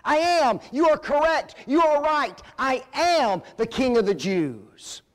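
A man voicing a calm, resolute king on trial, speaking in emphatic declarations. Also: extremely high pitch, slow pace, pitched above the performer's own voice, heavily acted. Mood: firm, declaring.

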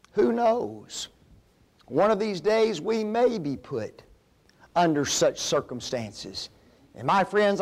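A man preaching a Bible lesson, speaking emphatically, calling the listeners folks and asking rhetorical questions. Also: sits high. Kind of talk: sermon-style Bible lesson.

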